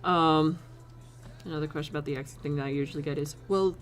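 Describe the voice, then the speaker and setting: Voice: mid-range voice, steady tone, quick pace, faint music behind. A streamer chatting casually to their chat, rambling with frequent laughs and casual swearing.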